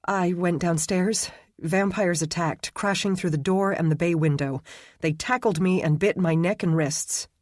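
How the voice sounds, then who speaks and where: A man's voice: high voice, measured pace, dry recording, studio quality. A man voicing a frightened, stubborn young psychic woman in an urgent, insistent way. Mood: shaken.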